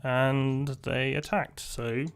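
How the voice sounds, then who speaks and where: A man's voice: mid-range voice, little pitch movement, slow pace, gravelly, clean tone. A man playing a tabletop game, easygoing and matter-of-fact. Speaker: player. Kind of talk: casual tabletop play, in character.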